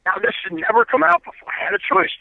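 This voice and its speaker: A high-pitched, gravelly man tells his story bluntly, swearing and pressing each point as an interview guest. The sound comes through a thin, tinny phone line, dry with no room echo. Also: expressive, quick pace. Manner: blunt, profane, emphatic storyteller. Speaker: interview guest, former pro wrestler.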